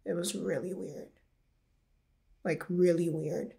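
A young woman in her twenties with a low, gravelly voice tells her own story in a loose, rambling flow. She stumbles through restarts and fills her sentences with "like." Her retelling carries plain emotion. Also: steady tone, slow pace, warm tone. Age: 20s. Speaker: interviewee sharing a personal story. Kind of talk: casual personal storytelling.

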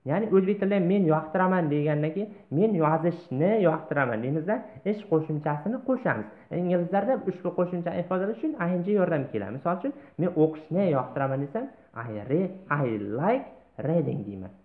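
Guy teaching english online, fairly high voice, sounds tinny like a phone line. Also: animated. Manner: reads word lists slowly and clearly.

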